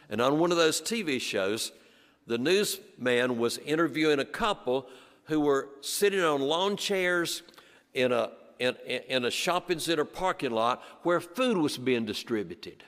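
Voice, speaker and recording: An older man from western North Carolina, telling a story to an audience in rhythmic repetitions that sink low and soft on the refrains. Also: lively intonation, a little slow. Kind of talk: storytelling performance. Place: church sanctuary before an audience. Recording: long church reverb.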